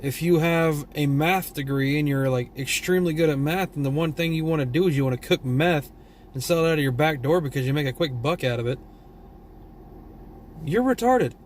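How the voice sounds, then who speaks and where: A tired Texan man with a Southern drawl vlogs a blunt, profane, rambling rant of casual opinion. His voice runs on the high side and his pace is brisk, with slight background noise.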